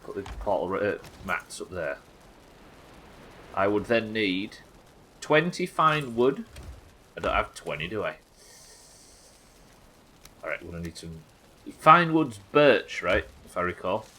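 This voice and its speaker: A man's voice: on the low side, big pitch swings, measured pace, pauses often, pushed and bright, slightly rough, poor audio. A young man streaming a game live, chatting to viewers and thinking aloud as he plays, swearing freely. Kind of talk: live gameplay commentary.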